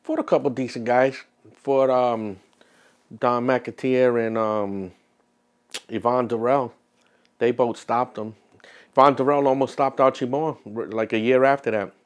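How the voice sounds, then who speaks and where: A man with a mid-range voice chatting casually in an interview. He rattles off details in an offhand way, pausing on fillers as he goes. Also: medium pitch, steady tone.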